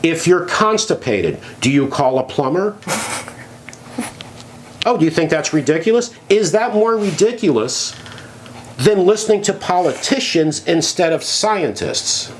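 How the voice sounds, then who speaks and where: Animated sarcastic man ranting. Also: fairly high pitch, measured pace, a little hiss or hum. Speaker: podcast co-host. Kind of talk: casual podcast chat.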